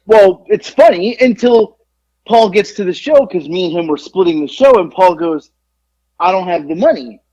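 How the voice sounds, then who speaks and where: A man's voice: high voice, animated, normal speed, dark tone, no room sound. Rambling profane man on a dull mic. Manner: rambling, profane, restarts a lot. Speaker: podcast co-host. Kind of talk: casual storytelling chat. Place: home studio in Georgia. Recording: dull lo-fi dry sound.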